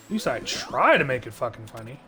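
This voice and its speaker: A man's voice: mid-range voice, sing-song, brisk, bright, forceful tone, soft background music. A man streaming live, ranting to his chat in a rambling, sardonic way, swearing constantly and restarting his sentences. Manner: rambling, heavy cursing, sardonic.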